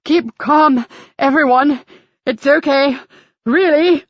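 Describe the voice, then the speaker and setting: A woman's voice: medium pitch, moderate pace, dry recording, lightly acted. Lady reading as a showy church tour guide guy, grand and fussy, dry muffled audiobook sound. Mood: alarmed, pleading. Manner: grand, theatrical announcing. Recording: dry, slightly dull audiobook recording.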